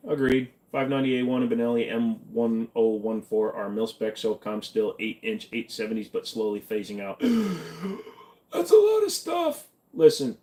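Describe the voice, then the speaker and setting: A man hosting a casual livestream, reading out chat comments and answering them with deadpan jokes. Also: medium pitch. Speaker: livestream host.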